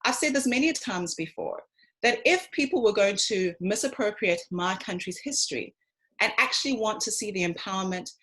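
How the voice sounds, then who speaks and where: Poor audio carries a woman's medium-pitched voice at a moderate pace. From South Africa, she delivers a lecture to an online audience, lively and forceful in tone, speaking directly to the ladies and gents listening.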